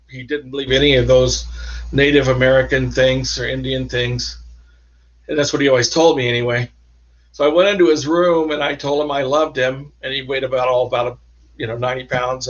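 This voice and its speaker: A man, an author, telling personal stories as an interview guest, halting and restarting often as he talks. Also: medium pitch. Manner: halting, with many restarts and trailing phrases. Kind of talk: casual interview storytelling. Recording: dull lo-fi sound.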